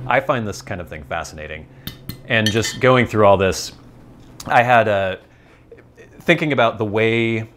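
A man's voice: low voice, fairly bright tone, slight background noise. A man with a General American accent, rambling in a casual monologue and musing aloud as he explains things. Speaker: vlogger.

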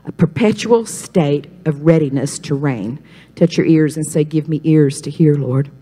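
A woman preaching a sermon with dramatic dynamics. She builds to loud, ringing declarations and then drops to hushed whispers. She often calls on the congregation to repeat her words. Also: sits low, unhurried, breathy edge.

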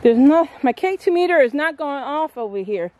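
Chatty woman filming herself outside on her phone, fairly high voice, keeps saying guys. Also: moderate pace, a little hiss or hum. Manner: chatty, excitable, addresses viewers as guys. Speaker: vlogger. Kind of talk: casual vlog narration. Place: outdoors at a historic stone furnace.

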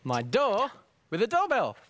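A woman's voice: mid-range voice, huge pitch swings, a little slow. A woman presenting children's TV, bubbly and giggly, breaking into song. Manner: bubbly, giggly, sings along.

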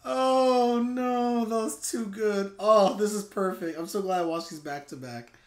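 A man streaming a live anime reaction, talking in an excitable, animated way. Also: sits high, measured pace.

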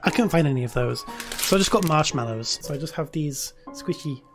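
A woman's voice: low voice, lively intonation, brisk, music in the background. A young British woman chatting casually while playing a game, with lots of "like". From United Kingdom. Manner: chatty, uses "like" a lot. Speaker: streamer. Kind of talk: casual let's play chat.

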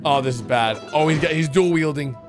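A man hosting a reaction video, giving excitable, exclamatory commentary on animated clips and calling out to viewers. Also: a little high, a little fast. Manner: excitable, exclamatory, talks to viewers as "bro" and "guys". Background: music.

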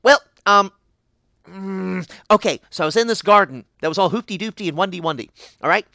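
A man voicing an ancient, cheerfully unhinged pixie in a fan animation, rambling with sudden high squeals. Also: fairly quick, creaky, pushed and bright, dry recording, exaggerated voice. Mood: giddy rambling. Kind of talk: character monologue for fan animation.

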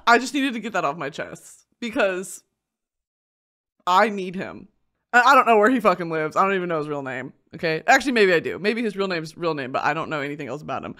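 Animated, loud young woman podcaster. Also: medium pitch, a little fast. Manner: loud, crude and animated, with bursts of shouting and laughter. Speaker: podcast host. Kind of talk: casual comedic podcast rant.

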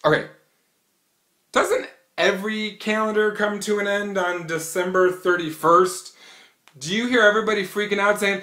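A brash, mocking male vlogger with a high, sharp and bright voice. He rants straight to the camera, laughing at his own jokes. The sound bounces around an echoey room. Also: fairly even intonation, moderate pace. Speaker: vlog host. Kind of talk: comic opinion rant to camera.

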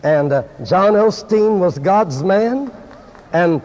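A man's voice: sits high, lively intonation, slow, a little mellow. A man preaching a fervent, exclamatory sermon to a gathering of preachers, at times switching into French. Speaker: evangelist preacher. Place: large church or conference hall. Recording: dull lo-fi archive recording in a reverberant hall.

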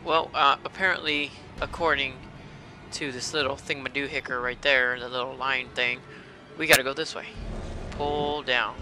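A man commentating a horror game as he plays it, profane and excitable, often shouting at enemies. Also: medium pitch. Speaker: gamer playing a horror game. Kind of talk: let's play commentary. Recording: game sound and noise behind.

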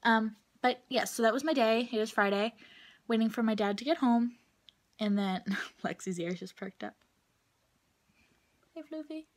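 Profane young woman venting, higher voice. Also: moderate pace. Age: young adult. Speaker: vlogger. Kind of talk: casual ranting vlog.

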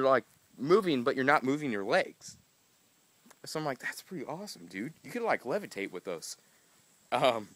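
A man's voice: medium pitch, fairly bright tone, no echo. A young man rambling through a casual vlog, self-mocking and laughing as he talks, just woken up. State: just woke up. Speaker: vlogger.

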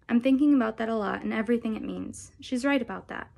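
A woman reading a novel aloud in a calm, measured way. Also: on the high side, creaky, poor audio. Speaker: audiobook reader.

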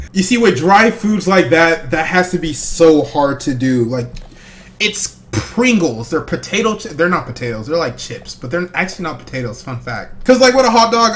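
A young man hosting a casual reaction video, jokey and animated, laughing often and calling the viewer bro. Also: fairly high pitch.

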